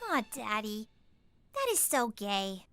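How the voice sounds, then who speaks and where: A woman's voice: medium pitch, sing-song, slow, fairly bright tone, no room sound, faint music behind, heavily acted. A woman voicing a spoiled, melodramatic teenage daughter in a cartoon, whiny and manipulative.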